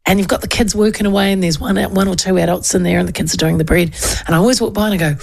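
A woman's voice: on the low side, steady tone, rapid-fire, vocal fry. A middle-aged woman hosting a talk show, chatting casually and telling rambling anecdotes with plenty of restarts and asides.

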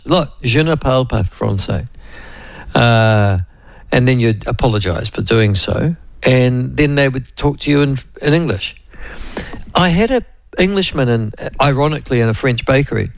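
A New Zealand man hosts a relaxed talk radio show, wandering from story to story with plenty of ums and uhs. His voice has a gravelly, creaky edge, and the recording is dry and close. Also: medium pitch, moderate pace, no echo. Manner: rambling, chatty, many fillers. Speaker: radio host. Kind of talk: casual talk radio chat.

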